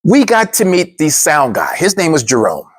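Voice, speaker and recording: A man telling a personal story as a speech, animated and shifting into voices for the people in it. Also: fairly high pitch, normal speed, breathy edge, no echo, clean studio sound.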